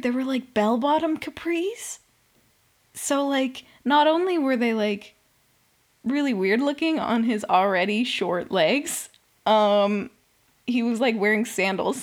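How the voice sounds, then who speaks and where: A young woman hosting a podcast, talking casually and sarcastically about a reality show, swearing often and filling with "like". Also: mid-range voice. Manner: sarcastic, swears a lot, fills with "like". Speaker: podcast host. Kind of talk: casual reality-TV recap monologue.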